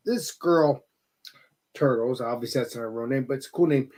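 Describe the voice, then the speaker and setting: A man hosting a casual podcast chat, talking haltingly with restarts and short replies. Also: mid-range voice, a little mellow.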